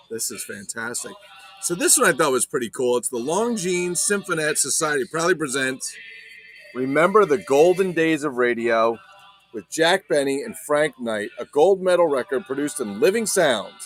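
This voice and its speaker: A man's voice: medium pitch, fairly bright tone. A man hosting a casual collector vlog, chatting about his finds in a profane, enthusiastic, rambling way. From not Ireland. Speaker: collector vlogger. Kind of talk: casual unboxing chat.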